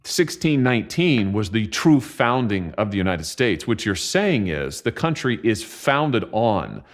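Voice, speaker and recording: A male politician answering interview questions in a measured way, repeating words for emphasis. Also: on the low side, big pitch swings. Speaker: politician guest.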